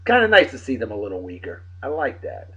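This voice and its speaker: Lively, boisterous man. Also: lowish voice, fast, slightly rough. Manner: boisterous, swearing banter. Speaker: vlog host. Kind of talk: casual shout-outs to friends. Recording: dull lo-fi recording.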